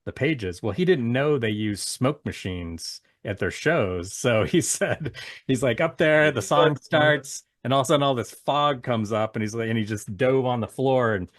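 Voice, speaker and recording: A man's voice: mid-range voice, moderate pace, no echo, clean studio sound. A man hosting a casual music podcast, eagerly retelling band stories and laughing often. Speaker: podcast host. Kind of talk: casual chat.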